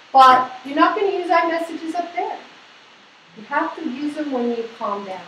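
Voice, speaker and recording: A woman presenting a seminar to a women's group, lively, asking the audience questions and acting out the people she quotes. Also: fairly high pitch, a little hiss or hum. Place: hall or meeting room. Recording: echoey room, mic at a distance.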